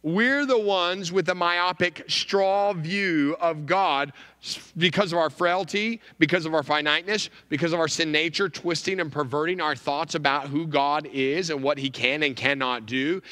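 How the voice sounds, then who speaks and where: A male pastor giving a sermon, emphatic, with wide swings in pitch and volume. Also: moderate pace, bright, forceful tone, in a large hall.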